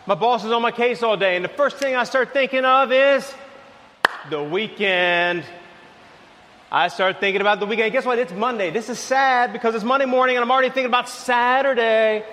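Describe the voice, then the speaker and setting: Animated preacher in a reverberant hall. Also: male voice, fast, hardly any pauses. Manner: animated storytelling with sudden drops to soft, low lines. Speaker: pastor. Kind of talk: sermon.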